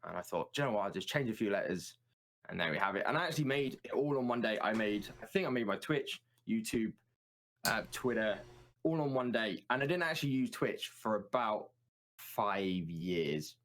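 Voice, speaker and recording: A man, a guest chatting in a relaxed, self-mocking way over a remote call, often repeating his words. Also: lowish voice, normal speed. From southern England. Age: 30s. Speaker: guest streamer. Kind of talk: casual chat on a live stream.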